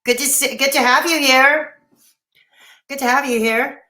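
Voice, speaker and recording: A woman's voice: high-pitched, steady tone, a little slow, bright, forceful tone. A woman in her thirties from Canada hosting a rambling, casual late-night livestream, reading out and answering the live chat. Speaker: livestream host. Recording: echoey room.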